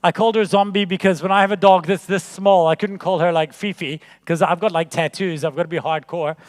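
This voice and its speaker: A man with a high voice delivers a conference keynote in a big hall whose long reverb trails after his words. He tells stories in a jokey, animated way and builds each one up to its punchline. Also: fairly quick. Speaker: keynote speaker.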